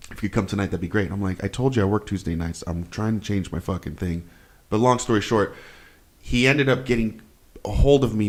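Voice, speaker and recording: A man with a lowish voice chats casually on a podcast. He tells a long story as a rant, swears freely and acts out what other people said. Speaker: podcast host.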